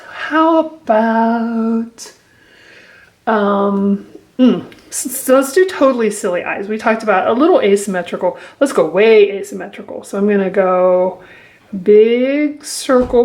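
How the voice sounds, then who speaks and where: A woman art teacher talks through a drawing lesson in a mid-pitched voice. She is playful and encouraging and speaks straight to young viewers as she sketches. She laughs often and acts out silly sounds.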